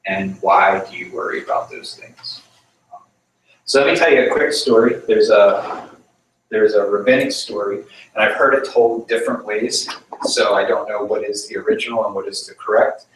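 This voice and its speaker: Casual pastor in an echoey room. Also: male voice, lowish voice, moderate pace, a little hiss or hum. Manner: relaxed, many ums, conversational storytelling. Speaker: pastor leading a small group. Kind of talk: informal sermon with group reflection. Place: church room with a small group. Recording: echoey room, mic far off.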